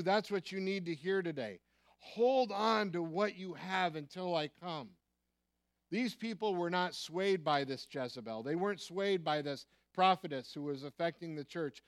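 A man's voice: high-pitched, dry recording. An American man preaching a sermon as pastor, emphatic, repeating key phrases and asking the listeners rhetorical questions.

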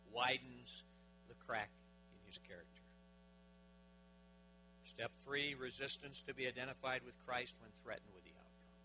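A man preaching a sermon, dramatic, with big swings in loudness, asking his listeners questions. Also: mid-range voice, a little hiss or hum, rough recording.

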